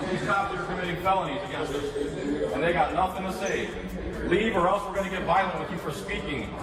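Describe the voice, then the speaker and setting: A man confronting officials in a combative way, citing laws and court cases. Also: high voice. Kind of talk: confrontational self-filmed encounter. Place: county meeting room and hallway. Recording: echoey distant hall audio with music.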